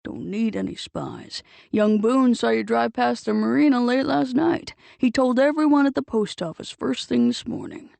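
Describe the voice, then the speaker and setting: A woman voicing a combative older man with a loud, bossy manner in an audiobook. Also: extremely high pitch, lively intonation, normal speed, gravelly, hardly any pauses, no room sound, pitched above the performer's own voice, exaggerated voice. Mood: angry. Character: gruff older man, bushy-browed and combative.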